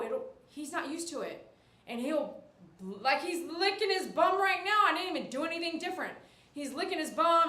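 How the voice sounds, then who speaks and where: A woman's voice: fairly high pitch, a bit bright, roomy sound. A woman, a dog groomer chatting on a casual livestream and reading viewer comments aloud.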